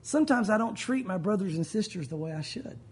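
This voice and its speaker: A man's voice: sits high, expressive, fairly quick, breathy edge. A man preaching a sermon as pastor, earnest and direct, often calling his listeners "guys".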